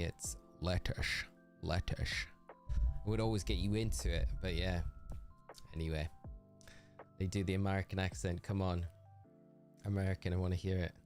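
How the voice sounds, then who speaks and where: A man with a northeastern English accent, a livestreamer chatting casually while gaming, laughing often and answering viewers by name. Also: on the low side. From northeast England.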